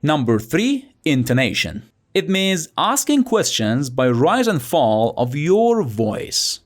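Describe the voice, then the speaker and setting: Young male tutor, chatty and playful, slightly high voice with lively swings, over light music. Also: slow pace. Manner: playful, chatty, asks rhetorical questions. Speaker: language teacher. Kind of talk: scripted lesson narration.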